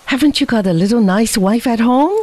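A reader doing a hearty gentleman on the run. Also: extremely high pitch, expressive, fairly quick, no echo, voice pushed up. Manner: hearty, firm and reassuring.

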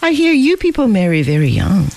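A woman reading as an earnest young gentleman. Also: a little high, very animated, a little fast, voice pushed up, low-quality recording. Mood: teasing. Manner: earnest, formal speech. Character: educated young gentleman, warm and remorseful.

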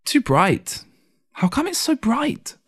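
A man reading aloud and voicing a tired, curious young man who speaks softly, in an audiobook story. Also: very high-pitched, wildly swooping pitch, takes it slowly, slightly rough, pitched above the performer's own voice, exaggerated voice. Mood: puzzled.

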